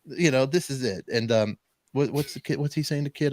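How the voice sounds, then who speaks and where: A man's voice: mid-range voice, normal speed, no echo. A man, hosting a podcast and telling a long story in casual chat, acting out the other people's voices as he goes. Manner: animated storyteller, acts out voices in quotes. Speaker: podcast host.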